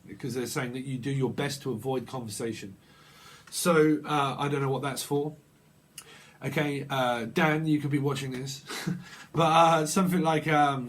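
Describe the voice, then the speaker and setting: A man giving a casual, rambling tarot reading, repeating phrases and acting out little exchanges. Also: a little high. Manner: rambling, repetitive, acts out little dialogues. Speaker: tarot reader. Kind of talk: casual intuitive reading monologue.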